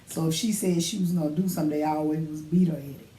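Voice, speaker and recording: A woman on a casual podcast, giving calm, measured advice. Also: sits low, roomy sound. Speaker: podcast co-host. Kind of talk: casual faith podcast chat.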